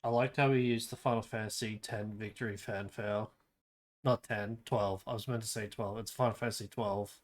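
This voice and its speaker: A man's voice: on the low side, steady tone, normal speed, soft background music. A man streaming casual reaction commentary, rambling and correcting himself.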